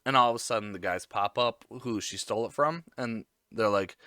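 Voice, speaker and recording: A man's voice: lowish voice, fairly quick, sharp tone, no room sound, clean studio sound. A young man giving a casual, crude, joking anime recap, with lots of fillers. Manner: crude, jokey, full of fillers.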